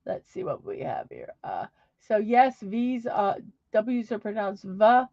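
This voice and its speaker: A woman's voice: mid-range voice, wildly swooping pitch, unhurried, a little mellow, no room sound. A woman hosting a casual livestream, chatting upbeat and reading viewer comments aloud. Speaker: livestream host. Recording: dull lo-fi sound.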